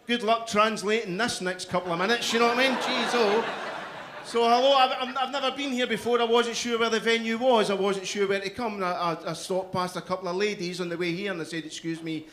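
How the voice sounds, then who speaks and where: A middle-aged man with a Glaswegian accent, performing a stand-up comedy set on a club stage, with loud, punchy crowd work. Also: high-pitched, steady tone, a little fast, a little hiss or hum. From Scotland. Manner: loud, punchy crowd work with frequent "you know what I mean".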